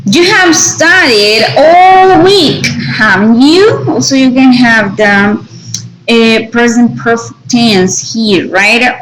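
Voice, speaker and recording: Woman English teacher, high and unhurried, patient step-by-step explainer. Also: poor audio. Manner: explains step by step, checks with "right?". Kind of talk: recorded grammar lesson.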